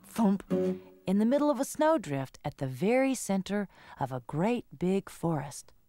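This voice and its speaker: Expressive woman reading a children's story. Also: medium pitch, unhurried. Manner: expressive, sing-song storytelling. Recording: guitar music behind.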